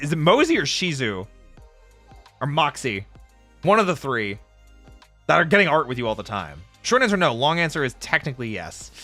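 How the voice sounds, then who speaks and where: A man streaming casually, chatting with viewers in an animated, jokey way and laughing often. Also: a little high. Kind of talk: casual live-stream chat answering viewers. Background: faint background music.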